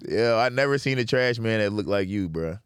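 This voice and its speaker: A man's voice: lowish voice, lively intonation, a little fast, clean tone, dry recording, studio quality. A man co-hosting a comedy podcast, teasing his friends in slangy banter and repeating his punchlines. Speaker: podcast co-host.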